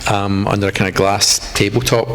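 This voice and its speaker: A low-voiced man talking through his work at a panel discussion. He rambles casually, full of ums and restarts. A faint hiss of noise sits under his voice. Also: flat delivery, normal speed, a bit bright, low-quality recording. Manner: loose, conversational, many fillers and restarts. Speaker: panel artist. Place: gallery room.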